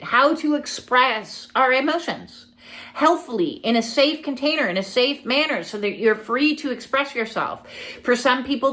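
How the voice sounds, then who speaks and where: A middle-aged woman spiritual coach talking casually, acting out little scenes and quoted voices as she teaches. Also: a little high. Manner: animated, acts out quoted people.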